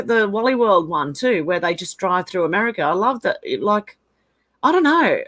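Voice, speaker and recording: A woman's voice: mid-range voice, sing-song, normal speed, a bit bright. An Australian woman hosting a casual livestream, reading viewers' comments aloud and chatting about them with frequent laughs. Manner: chatty, reads chat messages aloud, laughs often. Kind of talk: casual live-chat.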